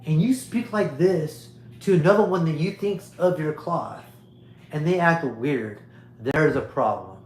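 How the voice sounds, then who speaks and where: Male streamer, preachy rambling monologue, slightly high voice, roomy echo. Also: expressive, a little slow, a little hiss or hum. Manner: preachy, emphatic, repetitive. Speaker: livestream host.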